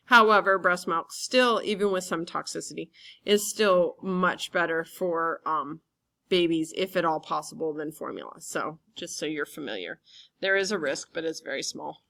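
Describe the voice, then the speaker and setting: A woman teacher giving a relaxed classroom lecture, chatty and full of fillers. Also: low-pitched, normal speed, gravelly.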